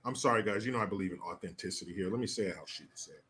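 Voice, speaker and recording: A man's voice: lowish voice, rapid-fire, fairly bright tone, slight background noise. A man hosting a political commentary show, ranting in a profane, sarcastic way. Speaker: host.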